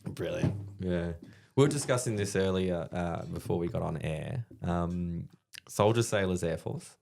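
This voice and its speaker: Australian male comedian, podcast guest, fairly low voice, animated, swears freely, spins yarns between laughs. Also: a little slow, vocal fry, a little hiss or hum. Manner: animated, profane, laughs through his anecdotes. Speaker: guest, stand-up comedian and army veteran. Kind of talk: casual podcast storytelling.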